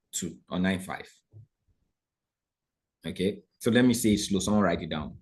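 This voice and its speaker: He has a deep voice and speaks at a moderate pace, leaving long pauses. Teaching trading live to viewers, he takes an animated, sermon-like tone, asks rhetorical questions, and keeps checking in with those watching.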